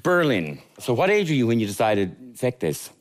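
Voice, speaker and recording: An Irish man hosting a relaxed interview, asking playful, teasing questions. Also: mid-range voice, fairly quick. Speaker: host. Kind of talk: casual interview chat.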